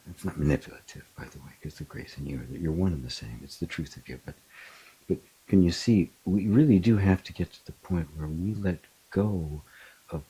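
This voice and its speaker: A middle-aged man, a spiritual teacher, talking reflectively in an open forum and telling stories with animated bursts. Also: low voice, slightly rough, rough recording. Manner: reflective, animated storytelling with laughs. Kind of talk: open forum talk on self-inquiry.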